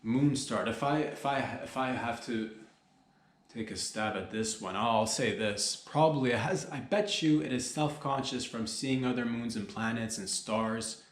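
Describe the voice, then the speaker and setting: A man rambles through a comedy podcast monologue, slipping between loose slang-heavy riffs and loud mock-alarmed shouting. His voice sits at an ordinary middle pitch, and the room around him rings with a noticeable echo. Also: a little slow. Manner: animated, mock-alarmed outbursts, profane slang.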